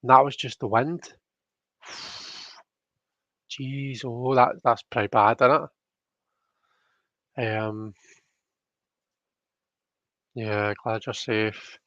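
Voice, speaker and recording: A young man with a Scottish accent rambles easily through viewer comments on a live stream, with plenty of ums and restarts. His voice sits at an ordinary middle pitch. The sound is dry and slightly dull. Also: steady tone, very slow, long pauses, pushed and bright, no room sound. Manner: rambling, chatty, frequent fillers. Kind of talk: casual live chat reading comments.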